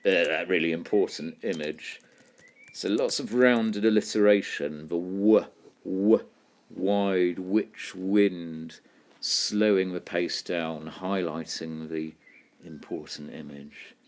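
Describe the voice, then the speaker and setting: A man teaching a poetry lesson, explaining terms and reading lines aloud slowly. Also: sits low.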